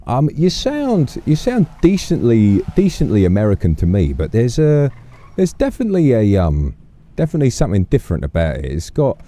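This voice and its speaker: A man's voice: mid-range voice, wildly swooping pitch, fairly quick, warm tone. A man with a Cockney accent playing a police officer in an online game roleplay, chatting and musing aloud with many restarts. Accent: Cockney London.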